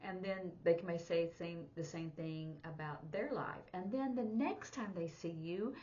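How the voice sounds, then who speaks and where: Chatty low-voiced woman teaching, lo-fi. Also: measured pace, mellow. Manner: chatty, acts out quoted dialogue. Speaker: sign language teacher and interpreter. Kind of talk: casual spoken lesson. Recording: dull lo-fi recording.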